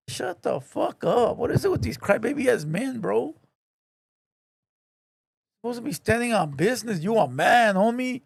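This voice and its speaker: A man's voice: very high voice, very animated, moderate pace, vocal fry, long pauses, breathy edge, no echo, clean studio sound. A man streaming live, reacting to a podcast clip with a mocking, scolding rant.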